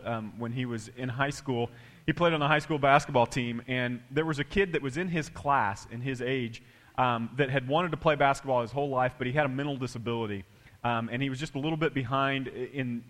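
A man, a pastor preaching a sermon and telling a story from the pulpit. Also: a little high. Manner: storytelling, builds to excited quotes.

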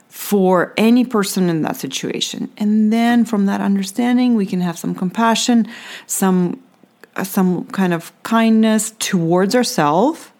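A woman's voice: medium pitch, darkish tone. A mother hosting her own podcast, talking earnestly and encouragingly straight to the listener in a reflective solo talk.

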